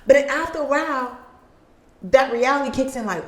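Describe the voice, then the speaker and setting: A woman's voice: high voice, expressive, moderate pace, pauses often, reverberant. Earnest woman preaching self-acceptance. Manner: earnest, preachy, acts out little scenes. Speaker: podcast host. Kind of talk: motivational talk. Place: living room at home. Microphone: studio mic.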